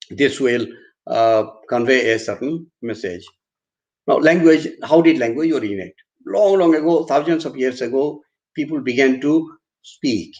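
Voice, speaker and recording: Indian guy teaching an online class, mid-pitched, keeps repeating words, dull muffled call audio. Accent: Indian English. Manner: repetitive restarts, animated acted examples. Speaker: lecturer. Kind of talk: online university lecture. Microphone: computer mic on a video call.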